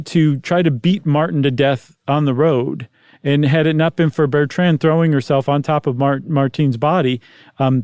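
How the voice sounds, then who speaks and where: A man with a somewhat high voice who lays out the facts of a history story in relaxed podcast talk. He walks through events step by step with small asides. The recording is dry and close. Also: no room sound. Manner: explanatory, recaps facts with asides. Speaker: podcast co-host. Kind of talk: casual storytelling chat.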